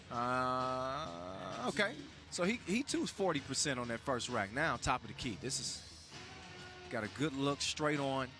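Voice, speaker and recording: A man calling live basketball play-by-play in a casual, joking way, full of fillers and restarts. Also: medium pitch. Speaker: sports commentator. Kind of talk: live sports commentary. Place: basketball event venue.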